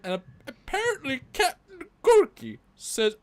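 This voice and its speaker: A tipsy Canadian man who talks slowly and trips over his words. His voice swoops wildly in pitch as he jokes around. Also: huge pitch swings, background noise. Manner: stammering, slow, playful. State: drunk. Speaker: co-host. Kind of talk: drunken livestream banter.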